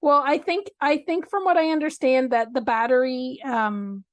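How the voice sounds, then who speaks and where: Woman host, high voice, quick supportive remarks in casual chat. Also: no echo. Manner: brief supportive interjections. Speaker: podcast host.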